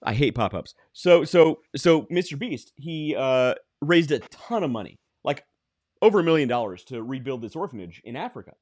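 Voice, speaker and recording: Man, podcast host, lively swooping pitch, fairly high voice, dry close sound. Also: moderate pace, no room sound. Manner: animated, joking, storytelling. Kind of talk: casual podcast banter.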